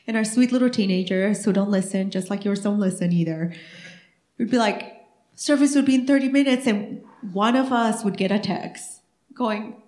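In an echoey church sanctuary, a middle-aged Mexican-heritage woman pastor delivers a sermon full of animated stories, voicing the dialogue herself. She speaks at a moderate pace in a mid-range voice.

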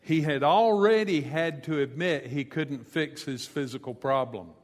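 Man, pastor, sermon, unhurried delivery, slightly high voice, conversational storytelling. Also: long reverb tail.

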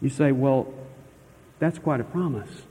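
A man's voice: medium pitch, measured pace, warm tone, big-room sound, rough recording. A man preaching a sermon as pastor, earnest and emphatic, stretching key words and asking the listeners questions. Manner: asks the listeners rhetorical questions.

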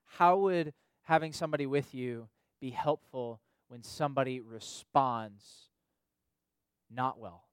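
A pastor or youth leader preaches in a conversational style, often tossing in "right?" and repeating himself for emphasis. His mid-range voice is smooth and measured, with no room sound.

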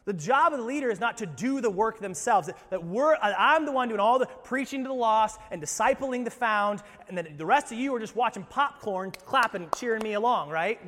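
A man's voice: high voice, expressive, brisk, few pauses, fairly bright tone. A man pastor giving a conversational sermon, often asking his congregation questions. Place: church sanctuary. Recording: reverberant church hall.

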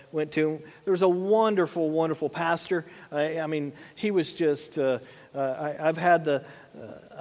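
A man preaching a conversational sermon as a pastor, often repeating and restarting his phrases. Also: high-pitched. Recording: long hall reverb.

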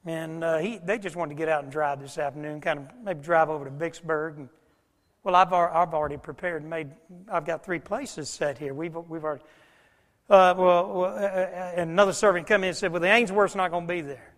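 Man, preacher, high voice, folksy storytelling, church reverb. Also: steady tone, a little fast. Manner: folksy storytelling, acting out dialogue, rising to shouts. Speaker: pastor. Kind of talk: sermon. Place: church sanctuary. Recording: long hall reverb.

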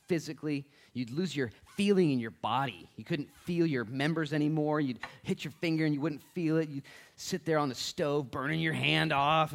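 Animated joking man preaching. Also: mid-range voice. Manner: animated, joking asides, swings from loud to hushed. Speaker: pastor. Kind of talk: sermon.

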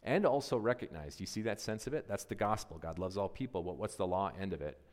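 A man preaching a conversational sermon, animated and always asking his listeners questions. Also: low-pitched, fast. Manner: animated, asks the audience questions, often adds "right?". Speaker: pastor. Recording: long reverb of a large hall.

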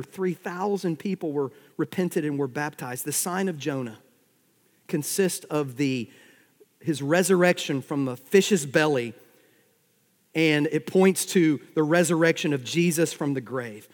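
A man preaching a sermon with wry humor. His loudness swells and drops suddenly as he drives his points home. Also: a little high, unhurried, big-room sound. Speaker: pastor.

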